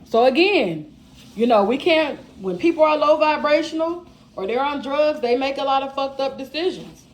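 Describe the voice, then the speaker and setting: A woman's voice: sits high, lively intonation, moderate pace. A woman giving a channeled tarot reading, blunt and profane. She talks straight to her viewers as "y'all" with plenty of emphasis. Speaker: tarot reader.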